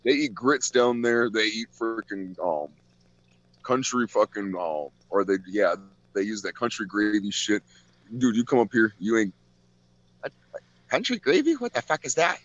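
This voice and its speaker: A man's voice: fairly low pitch, measured pace, no echo. A man chatting casually on a podcast, telling profane stories and acting out the people in them. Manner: profane, storytelling with acted-out quotes. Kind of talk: casual chat. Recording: dull dry lo-fi audio.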